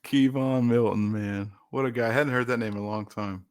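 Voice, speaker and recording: A man in his thirties spins animated football stories on a sports podcast, acting out quoted lines loudly and laughing between them. His voice sits at a mid pitch and sounds close and dry, with no room around it. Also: a little fast, clean tone, no room sound. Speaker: podcast co-host, former lineman. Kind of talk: casual storytelling chat.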